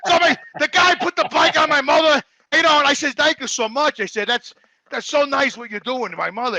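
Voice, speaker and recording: A man with a very high, sharp and gravelly voice rattles off a story in a loud, rough, New way, swearing constantly. He talks fast and acts out every line of what people said to him. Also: no room sound, low-quality recording. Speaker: regular guest telling stories. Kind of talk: casual profane storytelling.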